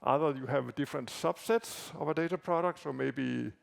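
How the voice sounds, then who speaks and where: A man whose first language is Danish gives a conference talk, walking through slides in a halting way with frequent fillers and repeated words. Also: medium pitch, gravelly. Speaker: conference presenter. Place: conference hall.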